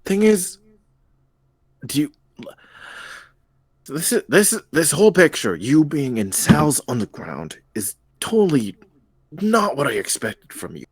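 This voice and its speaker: A man's voice: fairly high pitch, big pitch swings, measured pace, long pauses, breathy edge, no echo, full character voice. A man voicing a nervous, flustered young man who stammers as he talks to an old friend. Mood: teasing.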